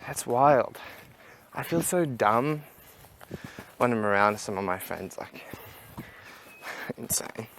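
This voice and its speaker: This young adult vlogger talks slowly and expressively in a medium-pitched, fairly bright voice, pausing often, while walking outdoors. He rambles casually and laughs at his own stories, with a little hiss or hum on the audio.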